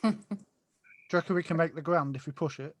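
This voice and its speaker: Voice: mid-range voice, quick pace, background noise. A comedian joking around in casual banter on a video call. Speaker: comedian guest.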